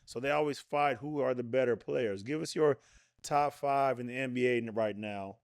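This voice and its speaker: A man's voice: mid-range voice, moderate pace, gravelly, clear, resonant tone, no room sound, studio quality. A man co-hosting a podcast, casually asking the guest questions in a laid-back way. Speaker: podcast co-host. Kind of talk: casual chat.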